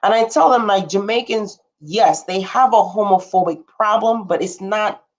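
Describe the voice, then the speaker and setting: A woman's voice: medium pitch, normal speed. A young woman hosting a casual livestream, rambling frankly with blunt asides and casual swearing, and answering viewer comments as she talks. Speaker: livestream host.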